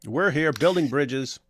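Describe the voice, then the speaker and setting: A man's voice: a little high, slightly rough, no echo, studio quality. A man co-hosting a casual livestream, joking around and reading viewer comments aloud in put-on voices. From Australia. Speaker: co-host reading live chat.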